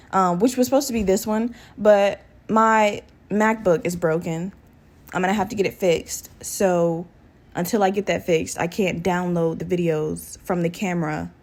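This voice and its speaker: A woman in her twenties hosting a casual solo podcast, talking candidly and profanely straight to her listeners. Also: on the low side. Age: 20s. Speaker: podcast host. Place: her bedroom at home.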